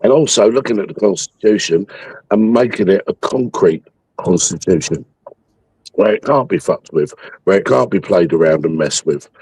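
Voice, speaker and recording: Man, 60s, gravelly, husky, angry profane livestream host. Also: low-pitched, lively intonation, moderate pace, a little mellow, no room sound, low-quality recording. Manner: angry, sweary ranting. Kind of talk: heated political chat.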